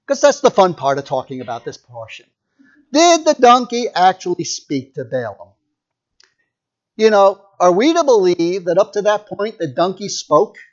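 Man, sermon, conversational storyteller, high-pitched, dull muffled sound. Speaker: preacher. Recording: muffled lo-fi recording.

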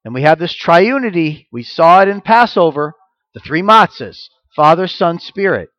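A man preaching a sermon as a messianic rabbi, reading scripture and drawing out key words slowly for emphasis. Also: on the high side, very animated, a bit bright, dry recording. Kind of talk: sermon teaching.

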